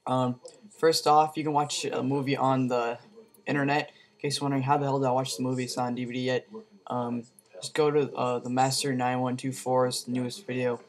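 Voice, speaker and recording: Casual reviewer, male, monotone delivery, loose rambling retelling full of "um" and "like". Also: mid-range voice. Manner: rambling, full of fillers and slang. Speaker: movie reviewer.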